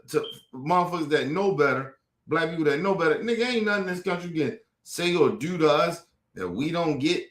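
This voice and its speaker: A man in the middle of a heated, profane political rant, circling back to the same points again and again. His voice sits high and leaps around in pitch, and the sound rings in an echoey room. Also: a bit bright. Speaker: political commentary streamer. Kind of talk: ranting commentary. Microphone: streaming mic.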